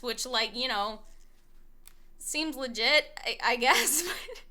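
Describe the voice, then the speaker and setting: A woman's voice: sits high, pushed and bright. A young woman streaming a video game, rambling casually with many fillers, swearing and laughing. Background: faint music playlist.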